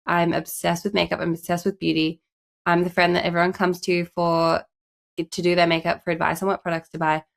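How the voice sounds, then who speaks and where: Gravelly-voiced woman with a stuffy nose. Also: on the low side, little pitch movement, brisk. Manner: chatty, frequent "like" fillers. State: stuffy, congested from a cold. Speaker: podcast co-host. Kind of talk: casual podcast chat.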